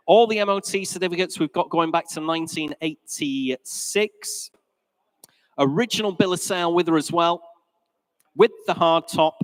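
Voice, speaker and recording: A man working as auctioneer at a live car sale, calling bids in a brisk, rhythmic patter in a sale room. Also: on the high side. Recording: reverberant hall.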